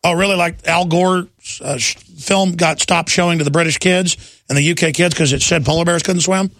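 A man hosting a talk radio show, ranting in a fast, combative way and slipping into mocking impressions. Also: a little high, fairly even intonation, a bit bright, no room sound. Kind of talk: heated political talk radio monologue.

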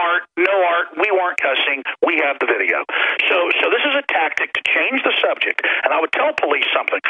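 A man ranting on talk radio with a gravelly, rough edge in his fairly high voice. He presses his points insistently and stumbles over repeated words. The sound is dull and lo-fi, like a broadcast feed. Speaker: radio talk show host. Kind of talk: heated talk radio monologue.

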